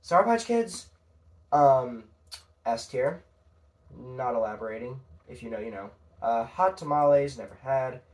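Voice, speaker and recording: A man's voice: mid-range voice, lively intonation, a little slow, a little mellow. A young man talking casually on his own, rambling and hesitant, with frequent fillers and casual swearing. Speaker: podcast narrator. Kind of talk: casual solo commentary.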